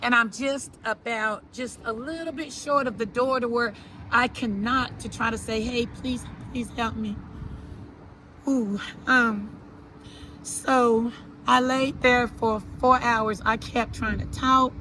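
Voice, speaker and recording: Woman, high voice, earnest, halting and repetitive, interview guest. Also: fairly even intonation, sharp tone, a little hiss or hum, low-quality recording. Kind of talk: personal account in an interview.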